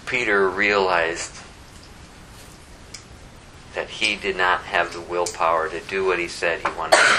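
A man preaching a sermon in a conversational, animated way, acting out the lines he quotes. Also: medium pitch, a little hiss or hum, rough recording. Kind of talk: expository sermon.

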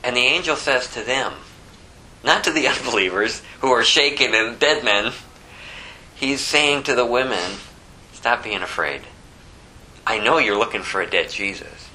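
A man preaching a sermon, explaining scripture verse by verse. He swings between loud, emphatic high peaks and low, quiet asides. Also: a little slow, long pauses, slight background noise, poor audio. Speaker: pastor.

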